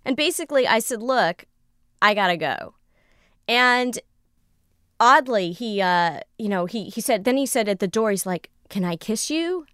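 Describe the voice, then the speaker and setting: Animated woman telling a personal story. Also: on the high side, measured pace, clean tone, dry recording, clean studio sound. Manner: animated, re-enacts dialogue. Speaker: storyteller guest.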